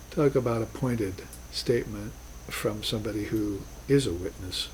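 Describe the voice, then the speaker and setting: A man's voice: on the low side, unhurried, a little mellow, slight background noise, rough recording. A man teaching a class on spiritual philosophy, talking in an earnest, reflective way with emphatic bursts. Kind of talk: recorded class lecture.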